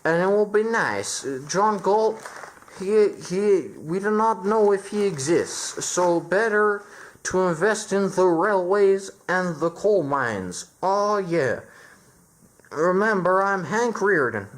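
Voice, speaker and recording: A woman's voice: mid-range voice, expressive, slow, a little hiss or hum, rough recording. A woman voicing a whiny male steel magnate who is stuffed with newspapers, pleading in stiff, formal sentences. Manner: whiny, pleading, stilted speech without contractions. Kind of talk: absurd comedy voice acting.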